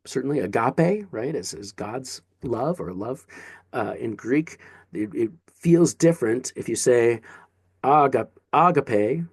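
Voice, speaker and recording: Man, Greek teacher, chatty and encouraging, mid-pitched voice, dry close sound. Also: animated, a little slow, a little mellow, husky, no room sound. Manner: chatty and encouraging, with asides and restarts. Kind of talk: casual online lesson.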